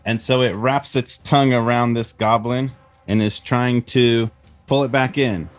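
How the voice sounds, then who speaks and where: A man's voice: medium pitch, steady tone, unhurried, faint music behind. A man narrating as game master in a casual, friendly way, with frequent fillers. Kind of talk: narrating a family tabletop game.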